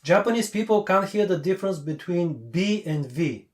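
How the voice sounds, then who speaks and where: A man's voice: high-pitched, animated, moderate pace. A man who is not a native English speaker, an English coach and host, talking bluntly and repeating his key points in a casual call. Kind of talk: casual video call chat.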